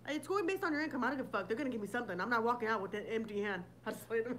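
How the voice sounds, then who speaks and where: Woman streamer, casual and foul-mouthed, reacting to chat, a bit higher-pitched, faint noise behind. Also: very fast, a bit bright, poor audio. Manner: blunt, profane, laughing often; reads and answers viewer comments. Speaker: livestream host.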